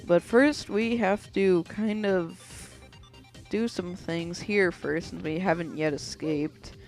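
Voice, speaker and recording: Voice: medium pitch, steady tone, takes it slowly, faint music behind. A let's play host chatting over gameplay in a casual, joking way, with a mid-range voice. The talk rambles a little as they react to the game. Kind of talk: video game commentary.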